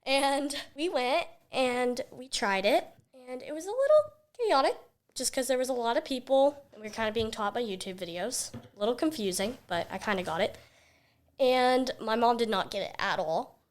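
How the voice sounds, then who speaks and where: Teen girl telling a story, lots of "like", bit of a high voice, just chatting. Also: animated, moderate pace. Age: teens. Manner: chatty, acts out quoted voices, many "like"s. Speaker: guest. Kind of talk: casual storytelling.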